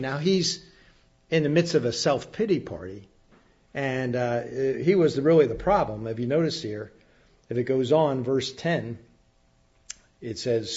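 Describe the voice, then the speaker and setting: A man preaching an expository Bible sermon, rising into emphatic bursts and then dropping to quiet asides. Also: mid-range voice, animated, unhurried. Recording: dull lo-fi sermon recording.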